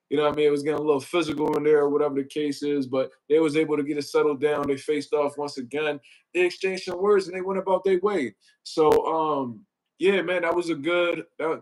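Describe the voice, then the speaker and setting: A man whose voice sits a little high hosts a boxing stream, captured on a low-quality recording. He greets chat, rambles casually in profane slang padded with "you know what I mean," and shifts his desk mic closer.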